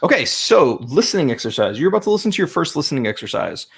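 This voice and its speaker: Creaky-voiced man thinking aloud. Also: on the high side, sing-song, fast. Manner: thinks aloud, chatty, repeats practice phrases. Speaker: language-learning channel host. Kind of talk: casual live stream, reviewing an app.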